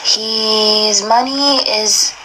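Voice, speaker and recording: A woman's voice: medium pitch, steady tone, very slow, background noise. A young woman reading aloud and reacting emotionally, with many exclamations and slang.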